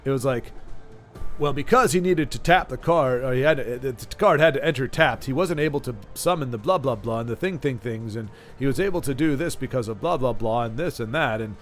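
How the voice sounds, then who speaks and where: A man's voice: medium pitch, brisk, soft background music. A man hosting a game stream in casual, rambling chat with many restarts and repeats. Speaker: streamer host.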